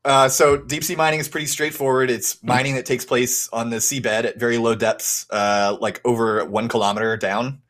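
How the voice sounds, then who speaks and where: A man's voice: mid-range voice, fairly even intonation, moderate pace, few pauses, a bit bright. A man hosting a podcast in loose casual chat, laughing easily and using lots of fillers. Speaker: podcast host. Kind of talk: casual chat and scripted topic intro.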